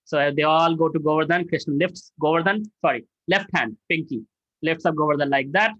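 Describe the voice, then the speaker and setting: A man telling scripture stories as a spiritual teacher, animated and dramatizing, often checking in with "right?". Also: on the high side, brisk, no room sound, highs cut off.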